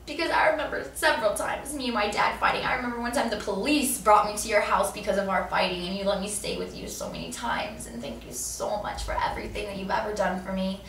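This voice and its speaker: A woman's voice: mid-range voice, lively intonation, fast, hardly any pauses, fairly bright tone. Earnest young woman, roomy distant recording. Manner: earnest and heartfelt. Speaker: vlogger host. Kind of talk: personal video message. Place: seated indoors. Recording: roomy echo, distant mic, faint room noise.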